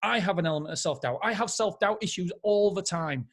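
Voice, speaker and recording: A man's voice: high voice, fairly quick, fairly bright tone. A man hosting a podcast who reviews a book in a casual, enthusiastic way, often rambling and correcting himself. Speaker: podcast host.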